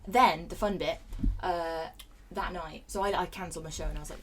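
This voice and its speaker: A woman's voice: fairly low pitch, fairly even intonation, a little fast, heavy background noise. A young woman from Bristol with a Bristolian accent, a stand-up comedian chatting in a chatty, playful way. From England. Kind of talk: casual chat.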